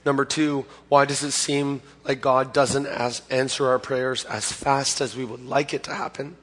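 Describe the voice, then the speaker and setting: A man preaching a conversational sermon as pastor, hoarse from having lost his voice, chatty and plain-spoken with frequent self-corrections. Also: mid-range voice, little pitch movement, normal speed, a bit bright. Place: church sanctuary. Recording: long hall reverb.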